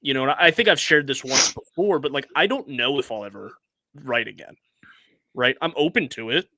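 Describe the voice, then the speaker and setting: A man's voice: medium pitch, expressive, normal speed, bright, forceful tone, dry recording. A man co-hosting a sports podcast, talking in a reflective, easygoing way with fillers. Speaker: podcast co-host. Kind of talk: casual podcast chat.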